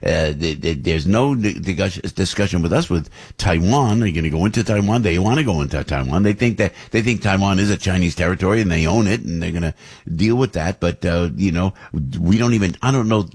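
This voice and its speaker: A man with a New Jersey accent hosting a morning radio talk show, animated and rambling with lots of fillers. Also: low voice, brisk, husky.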